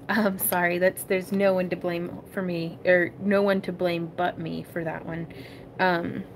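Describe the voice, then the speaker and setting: A woman's voice: on the low side, slight background noise. A woman hosting a casual crafting tutorial livestream from her home craft room. She chats with viewers, giggles often and calls them y'all.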